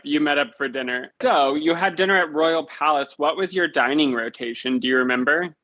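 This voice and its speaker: A man's voice: on the high side, brisk, pushed and bright. A man co-hosting a podcast, asking friendly follow-up questions in a casual chat. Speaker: podcast co-host.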